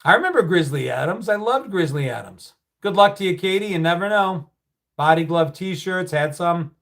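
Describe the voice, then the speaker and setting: A man's voice: high-pitched, lively intonation, moderate pace, creaky, fairly bright tone. A middle-aged man hosting a casual livestream, telling childhood stories and reading out viewer comments in a loose, swearing, storytelling way. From United States. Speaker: livestream host.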